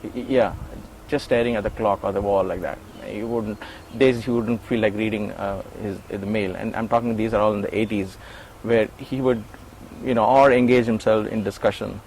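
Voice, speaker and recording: A man's voice: on the low side, moderate pace, slight background noise, poor audio. A middle-aged man recounting memories in an interview, acting out quoted lines with restarts and repeated words. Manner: animated storyteller, acts out quoted lines. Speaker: interview guest, former attendant. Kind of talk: storytelling in an interview.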